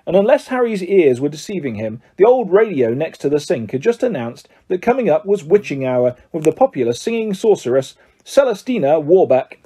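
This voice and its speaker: A man reading a children's fantasy story aloud, narrating in a steady, measured way. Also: a little high, breathy edge. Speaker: audiobook reader.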